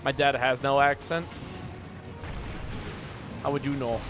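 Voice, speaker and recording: A man streaming a game, chatting casually and joking with his viewers, now and then yelping with excitement. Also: medium pitch, slow pace. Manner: relaxed, joking, with sudden excited yelps. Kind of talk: casual gameplay chat. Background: game music.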